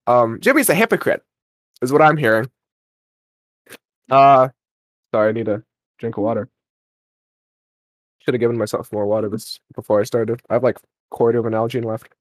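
A man's voice: mid-range voice, no room sound, studio quality. A young man co-hosting a podcast, recapping an episode in a rambling, self-deprecating chat and briefly acting out the characters. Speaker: podcast co-host.

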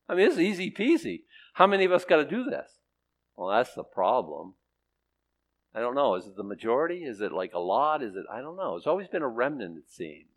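A man's voice: mid-range voice, big pitch swings, brisk. A man preaching a conversational sermon, chatty and self-questioning, with playful asides to the congregation. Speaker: pastor.

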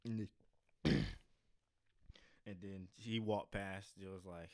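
A man chatting in a relaxed comedic way, laughing often and briefly acting out other people in a quick voice. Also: deep voice, no echo. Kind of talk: casual comedic chat, acting out scenes.

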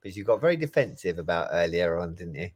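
A man's voice: sits low, big pitch swings, quick pace, husky, muffled recording. A man co-hosting a live online chat, bantering and teasing his co-host. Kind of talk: casual live-stream chat.

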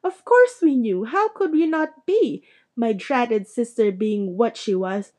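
A bitter middle-aged aunt in a storybook reading, with a high, shrill voice that jumps well above the narrator's, put on by a woman reading aloud. The tone stays mellow underneath. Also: animated, slow pace. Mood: shrill indignation. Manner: shrieking.

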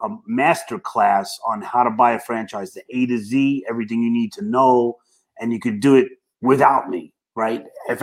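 A man with a Brooklyn accent chats easily as an interview guest. His talk is plain-spoken and relaxed, mid-pitched, with a few fillers as he explains things. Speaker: franchise consultant guest. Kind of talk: casual interview chat.

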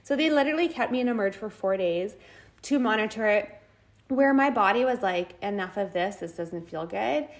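A woman co-hosting a podcast, telling a personal story in casual chat, animated, acting out quotes and laughing as she goes. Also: mid-range voice, normal speed. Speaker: podcast co-host.

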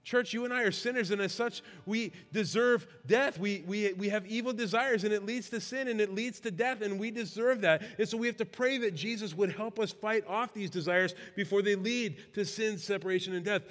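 High-voiced pastor preaching in a reverberant church. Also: male voice, brisk, few pauses, fairly bright tone. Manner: earnest, repetitive rhetorical questions. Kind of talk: sermon. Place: church sanctuary. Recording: long hall reverb with faint guitar.

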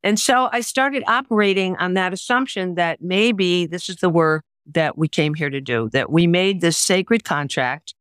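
A woman's voice: lowish voice, unhurried, hardly any pauses, fairly bright tone, clear, resonant tone, no echo. Older lady author telling her story in an interview, earnest and emphatic, voices the people she quotes, dry close sound. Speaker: memoir author and writing teacher.

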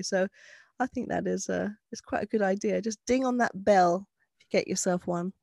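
A woman's voice: mid-range voice, fairly quick, creaky, warm tone, no echo. A woman guest who works with clients, giving earnest, frank advice in a podcast conversation. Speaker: guest therapist speaking of clients.

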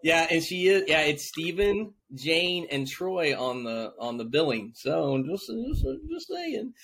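A man's voice: a little high, sing-song, measured pace, a bit bright. A man hosting a podcast interview, chatting casually, teasing his guests and laughing often. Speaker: podcast host.

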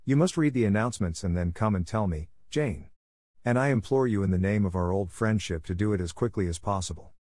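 A man reading the lines of a bright, ambitious teenage girl in an audiobook, in his own low voice. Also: brisk, no echo, clean studio sound, natural voice. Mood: earnest.

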